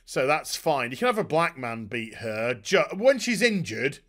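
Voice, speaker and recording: A man's voice: mid-range voice, sing-song, a little slow, fairly bright tone. A man giving a profane, sarcastic rant about a TV show. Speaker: YouTube TV reviewer. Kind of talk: ranting TV review.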